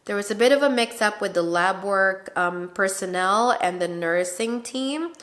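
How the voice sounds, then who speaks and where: A woman vlogger casually telling a family story, chatty and animated, often acting out quoted dialogue. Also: medium pitch, normal speed.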